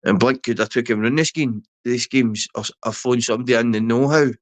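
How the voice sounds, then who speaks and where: A man's voice: medium pitch, brisk. A man with a Scottish accent ranting on a livestream, swearing, throwing insults and talking to viewers by name. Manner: foul-mouthed, insulting; rambling, talks to chat by name. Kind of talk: livestream rant.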